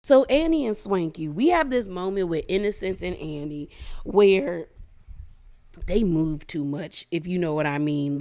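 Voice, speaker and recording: Woman doing a reality show recap, chatty and shady, lots of vocal fry, lowish voice. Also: expressive, moderate pace, mellow. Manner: gossipy, opinionated, slangy, addresses viewers directly. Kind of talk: casual recap commentary.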